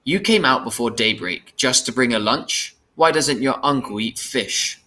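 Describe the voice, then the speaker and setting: A man's voice: mid-range voice, a little slow, sharp tone, a little hiss or hum. A man doing a curt, suspicious soldier. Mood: stern. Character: stern suspicious male soldier.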